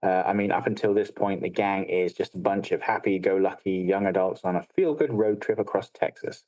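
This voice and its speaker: A man's voice: deep voice, a little fast, dark tone, no room sound, poor audio. A man co-hosting a film podcast, analytical and blunt, swearing freely. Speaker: podcast co-host. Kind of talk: casual film discussion.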